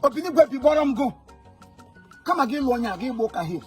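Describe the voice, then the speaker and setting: Nigerian man, comic skit father, high pitch, loud Igbo-English scolding. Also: animated, fast, soft background music. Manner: loud scolding, mixing English and Igbo, sing-song taunts. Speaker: angry father in a comedy skit.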